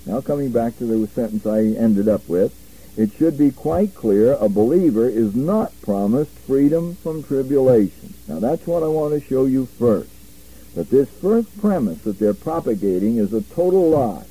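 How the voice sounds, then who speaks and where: A man's voice: mid-range voice, sing-song, normal speed, warm tone, slightly rough, rough recording. A man teaching a Bible apologetics course, reading verses in stiff literal wording and then explaining them with emphasis.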